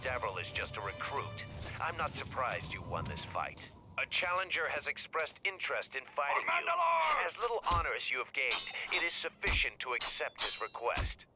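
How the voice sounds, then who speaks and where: A stern Mandalorian battle commander. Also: male voice, medium pitch, huge pitch swings, moderate pace, sharp tone, exaggerated voice. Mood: commanding. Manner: formal, proud, lecturing. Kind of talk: video game voice acting. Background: game music.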